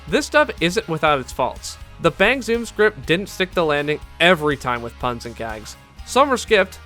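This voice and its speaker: A man's voice: on the high side, bright, forceful tone. A man giving scripted video-essay narration as an anime commentator, enthusiastic and candid with fan asides.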